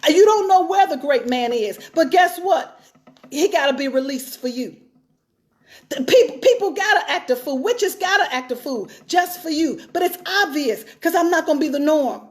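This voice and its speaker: High-voiced woman preaching with emphasis. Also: animated, moderate pace. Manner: emphatic, repeats phrases for stress. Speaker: pastor. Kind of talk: sermon-style teaching talk.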